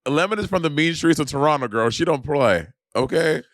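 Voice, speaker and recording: A man in his thirties co-hosting a podcast in casual chat, campy and quick to laugh, with brassy asides. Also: a little high, lively intonation, a bit bright, no room sound, studio quality. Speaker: podcast co-host.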